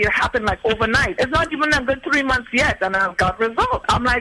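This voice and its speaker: A woman calling in to a radio show, gushing excitedly as she tells her story. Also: a little high, fairly quick, few pauses, low-quality recording. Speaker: caller. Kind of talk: radio call-in testimonial.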